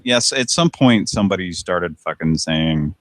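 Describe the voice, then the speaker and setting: A man's voice: sits low, lively intonation, measured pace, a bit bright, no room sound. A man hosting a casual call-in chat show, rambling, correcting himself and swearing. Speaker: host. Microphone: internet call.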